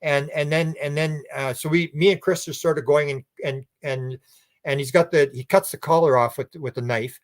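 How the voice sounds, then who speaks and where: A man as an interview guest, telling a long story in an animated, rambling way and acting out what people said. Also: on the high side, moderate pace. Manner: animated, rambling, acts out quoted speech. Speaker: guest researcher.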